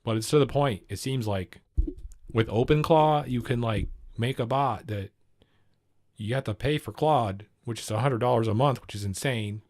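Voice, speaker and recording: A man's voice: medium pitch, normal speed, darkish tone. A man hosting a livestream, reacting to a clip and riffing in a profane, jokey, rambling way. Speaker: livestream host.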